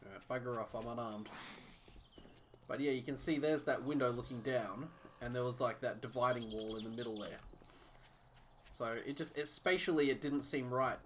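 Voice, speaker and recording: A man's voice: mid-range voice, moderate pace, a bit bright, a little hiss or hum. A man casually narrating his live gameplay, muttering to himself, swearing and chatting to viewers. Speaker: game streamer.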